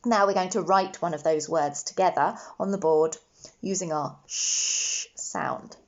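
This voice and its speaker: Patient woman teaching phonics, slowly. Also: mid-range voice, expressive, darkish tone, highs cut off. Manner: slow, patient, encouraging, sounding out letters. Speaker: primary school teacher. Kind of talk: phonics lesson for young children.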